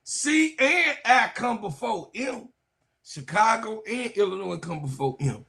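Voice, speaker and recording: A man hosting a sports live stream in casual chat, loudly trash-talking and teasing his viewers, congested and coughing with a cold. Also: high-pitched, sing-song, measured pace, creaky, breathy edge. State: stuffed nose, coughing from a cold.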